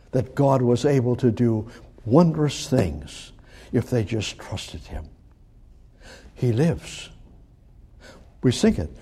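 A man delivering a sermon with a husky, mellow tone. His voice swings widely in pitch as he rambles, repeating himself and restarting sentences. He speaks a little higher than most men. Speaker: preacher.

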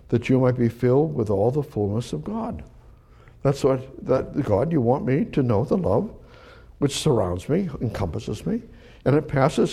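A man's voice: medium pitch, creaky, mellow, slightly rough. A man preaching a sermon in a church, reading Bible verses and asking God rhetorical questions. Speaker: pastor. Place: church service.

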